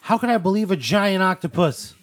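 A man's voice: sits high, expressive, brisk. A man protesting and swearing in exasperation during improvised comedy banter. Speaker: podcast co-host.

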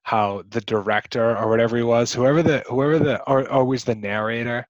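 A man's voice: mid-range voice, steady tone, fairly quick, no room sound, dull audio. A man co-hosting a podcast, talking through a movie in a casual, rambling way with plenty of fillers. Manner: rambling, chatty with many fillers. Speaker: podcast co-host.

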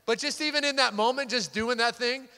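Loud, excitable male pastor in a reverberant hall. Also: very high voice, brisk. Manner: loud, excitable, animated preaching with many restarts. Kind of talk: sermon. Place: church sanctuary.

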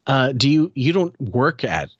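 A man's voice: medium pitch, sing-song, a little slow, husky, dry recording, highs cut off. A man co-hosting a podcast, chatting casually in a rambling, hesitant way, often restarting his sentences. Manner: rambling, hesitant, self-correcting. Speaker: podcast co-host.

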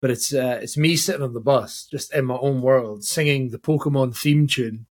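Scottish man, podcast co-host, husky voice, casual, jokey, slangy. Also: medium pitch, normal speed. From Scotland. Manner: jokey, laughs often, slangy storytelling. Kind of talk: casual chat.

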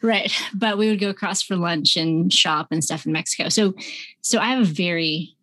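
A woman's voice: on the low side, normal speed, no room sound, low-quality recording. Friendly woman podcast guest. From Texas. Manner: friendly, relaxed storyteller with light laughs. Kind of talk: casual chat.

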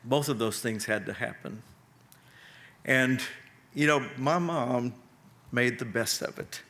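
A middle-aged man preaching a sermon in a bright, clear voice. His delivery is earnest and unhurried, and he pauses between his points. He speaks at an ordinary middle pitch. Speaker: pastor.

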